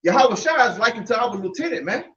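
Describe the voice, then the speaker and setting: Animated, emphatic man in an echoey room. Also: very high voice, fast. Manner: emphatic, swears for emphasis, rises to near shouts. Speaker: elder in a religious group discussion. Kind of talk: animated group talk on scripture. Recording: far, echoey, dull-sounding room mic.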